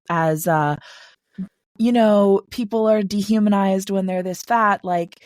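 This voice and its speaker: Woman guest on a podcast, mid voice, opinionated, quick bursts, dry mic. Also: mid-range voice, a little mellow, no echo. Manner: chatty and opinionated, with quick runs and laughs between points. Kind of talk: casual podcast discussion.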